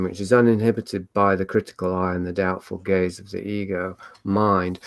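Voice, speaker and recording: Low, gravelly-voiced man musing aloud. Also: dry recording. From England. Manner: rambling, reflective, many fillers and restarts. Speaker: host of a live online meet. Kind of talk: casual solo talk.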